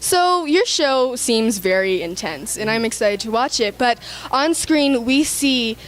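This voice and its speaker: A woman's voice: fairly high pitch, expressive, a little slow. A woman hosting an interview, bubbly and upbeat, with frequent "like" and "um". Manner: bubbly, upbeat, says "like" and "um" often. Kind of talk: casual interview.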